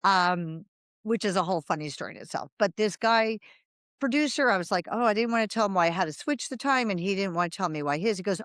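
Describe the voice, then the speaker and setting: A woman's voice: medium pitch, fast talker, no echo. A woman in her fifties, a writer, spinning a meandering story as an interview guest. Her voice sits in a middle register and jumps up when she acts out what people said. The recording is close and dry, with no room sound. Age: 50s. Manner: animated, rambling anecdotes with quoted dialogue and laughter.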